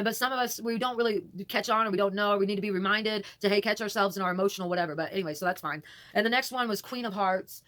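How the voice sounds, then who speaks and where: A woman's voice: mid-range voice, pushed and bright. A woman hosting her own channel, chatting to camera while doing a card reading, rambling and repeating herself with muttered asides. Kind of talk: rambling casual talk to camera.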